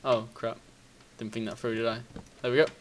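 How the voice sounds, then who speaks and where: A man giving casual gameplay commentary, excitable, thinking out loud, swearing and bursting into high squeals. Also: a little fast, a little hiss or hum. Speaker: gaming video host.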